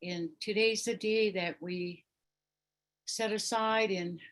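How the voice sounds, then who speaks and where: An older woman from the Oglala Sioux Nation, an invited elder offering a gentle, reflective spoken prayer. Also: mid-range voice, fairly even intonation, slow pace, low-quality recording. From USA, Oglala Sioux Nation.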